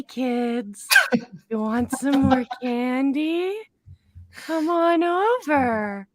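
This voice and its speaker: Lively woman host, dry close sound. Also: mid-range voice, no echo. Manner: animated storyteller, acts out voices. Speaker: show host. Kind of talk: casual chat.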